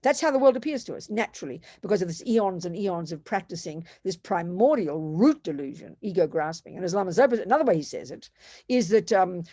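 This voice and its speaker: A woman's voice: fairly low pitch, animated, fairly quick, mellow, no room sound. Earnest older woman teaching, dry close sound. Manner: earnest, emphatic, repeats phrases for stress. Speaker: Buddhist teacher. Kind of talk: dharma talk.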